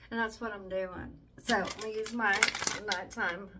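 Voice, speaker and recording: A woman's voice: medium pitch, fairly even intonation, moderate pace, background noise. An older woman chatting casually to her viewers while she cooks at home, tender and emotional. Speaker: vlogger. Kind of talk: casual vlog chat while cooking. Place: home kitchen.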